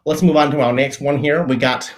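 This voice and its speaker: A man presents a comedy show with a straight face, treating everyday things as grand inventions. His delivery is faux-earnest and halting, full of restarts and self-corrections, at a middle pitch. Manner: deadpan, faux-earnest explaining of obvious things. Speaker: show host.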